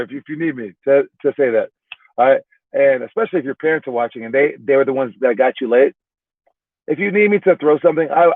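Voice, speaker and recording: A man coaching basketball talks to his young players in a loose, rambling way, full of restarts and "all right?" checks. His voice sits at a middling pitch. The sound is thin and phone-like, with no room echo at all. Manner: rambling, repeats words, keeps adding "all right?". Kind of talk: casual motivational talk to young players. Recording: narrow phone-like sound, dry.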